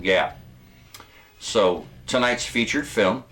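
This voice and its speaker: Male host, sarcastic rambler, unhurried, very animated pitch. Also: faint music behind. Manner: sarcastic, rambling, bickers with an off-mic sidekick. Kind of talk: comedic horror show intro.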